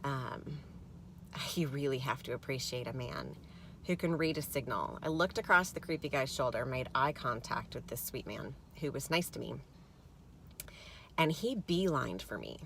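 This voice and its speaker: A middle-aged woman vlogging, telling a story in a gravelly, tired voice and mimicking the people she quotes. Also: rumbling low, moderate pace, slight background noise. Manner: animated, mimics others in quotes. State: gravelly from little sleep. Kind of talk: casual storytelling to camera.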